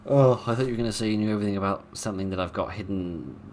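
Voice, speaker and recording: A deep-voiced British man commentating on a horror game. He is wry and sarcastic and rambles through his jokes. There is a faint hiss of noise behind him. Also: very fast, darkish tone. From Britain. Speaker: let's-play host. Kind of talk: casual gameplay commentary.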